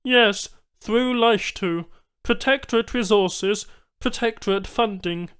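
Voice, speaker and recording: A man's voice: high-pitched, slow, a bit bright, clean tone, voice pushed up. A man voicing a male alien trader who speaks in clipped, broken phrases with formal apologies.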